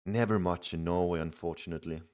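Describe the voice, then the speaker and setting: Low-voiced man streaming a strategy game. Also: steady tone, fast, a little mellow. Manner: chatty, reads chat aloud, laughs easily. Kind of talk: casual live game commentary.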